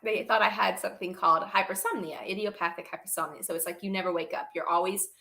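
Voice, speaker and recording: A woman's voice: on the low side, fairly even intonation, fast talker, creaky, bright, forceful tone. A young woman on a podcast, telling stories animatedly and laughing often between sentences. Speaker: podcast guest, reptile breeder. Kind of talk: casual storytelling chat.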